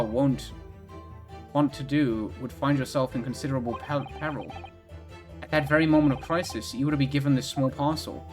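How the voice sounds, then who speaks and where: A man reading aloud the lines of an eccentric, grandiose male gentleman detective from a game, in a formal, theatrical manner. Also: medium pitch, close to an everyday voice.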